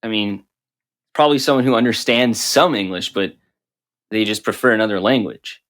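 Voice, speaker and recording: A man's voice: on the low side, moderate pace, fairly bright tone. A man co-hosting a podcast in casual comedic chat, joking around and slipping into mock-formal phrasing. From United States. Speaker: podcast co-host.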